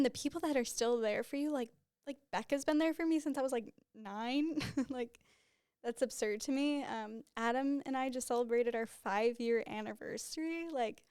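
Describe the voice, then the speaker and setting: A young woman in her twenties hosts a relaxed solo podcast, talking in a rambling, openly emotional way. Her voice sits a little high, smooth and clear, and it is close to the mic in a dry, dead small studio. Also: dry recording. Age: 20s. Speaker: podcast host. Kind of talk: casual solo podcast chat. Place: small studio room with a white backdrop. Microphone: podcast microphone.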